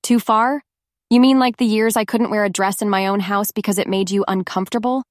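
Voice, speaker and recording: A woman reading the lines of a calm, firm wife who speaks softly and with composure. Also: medium pitch, fairly quick, dry recording, studio quality, natural voice. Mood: gentle firm. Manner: soft, composed and reassuring. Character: calm, firm older woman reforming her husband.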